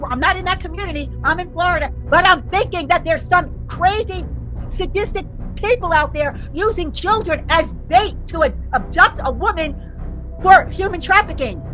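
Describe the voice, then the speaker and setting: A woman's voice: very high-pitched, bright, forceful tone. A woman commentator delivering an angry, indignant rant peppered with profanity.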